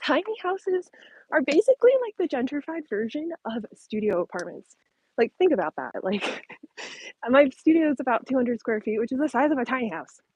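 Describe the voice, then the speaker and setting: A woman with a slightly high, a little mellow voice and a breathy edge speaks fairly quickly with lively intonation. She's walking her dog on an outdoor trail and hosting a casual live-stream Q&A on a phone at arm's length, a little out of breath, chatty with lots of ums and likes and light laughs. The recording is rough, with no room sound.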